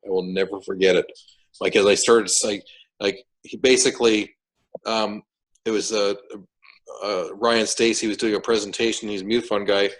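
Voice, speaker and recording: A man telling a story as an interview guest, animated and full of restarts and repeated words. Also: fairly low pitch, moderate pace, low-quality recording. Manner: animated, repeats words and restarts sentences while retelling events.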